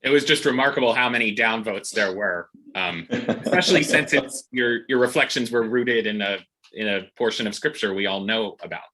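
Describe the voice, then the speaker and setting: A man moderating a panel Q&A, asking questions in a measured, slightly halting way. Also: on the low side, bright, forceful tone, low-quality recording. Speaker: moderator, host.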